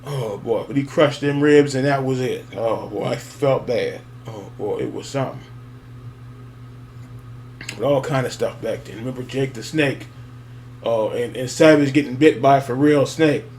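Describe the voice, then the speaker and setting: A man's voice: mid-range voice, moderate pace, darkish tone, slight background noise. A man rambling casually to his viewers, with many fillers and chuckles. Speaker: wrestling fan vlogger. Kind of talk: casual nostalgic monologue.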